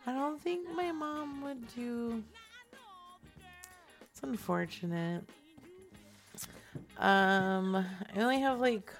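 A woman talks through her prank calls in a casual vlog, keeping an unhurried pace. Her asides are wry and playful, with faint music behind her. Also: mid-range voice. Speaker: prank caller.

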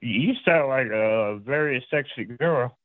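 A man's voice: mid-range voice, slow pace, dry recording. Guy on the phone, hesitant, lots of uhs, tinny dry line. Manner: hesitant, insistent, many fillers. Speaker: caller.

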